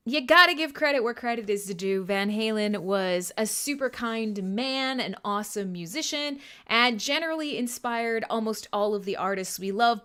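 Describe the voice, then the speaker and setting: A woman's voice: on the high side, sharp tone, clear, resonant tone. A woman hosting a live stream in casual chat, joking, swearing freely and laughing often. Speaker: host.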